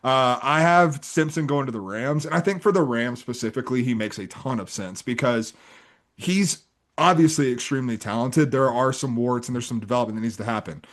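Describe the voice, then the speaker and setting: A man co-hosting a college football podcast in casual, animated chat, laughing often and peppering his talk with "like". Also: mid-range voice. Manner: quick, animated, laughs often, says "like" a lot. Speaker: podcast co-host.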